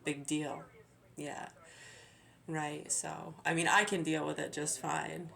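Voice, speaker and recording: A woman's voice: sits low, flat delivery, takes it slowly, vocal fry, pushed and bright. A middle-aged woman, a mother, talking in a rambling, aggrieved monologue full of restarts and swearing. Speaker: mother venting.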